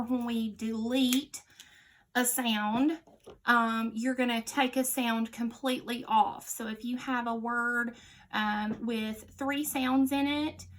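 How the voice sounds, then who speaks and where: Woman, teacher, phonics lesson for kids, slow and clear, patient, slightly high voice. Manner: drops to a quiet voice for answers.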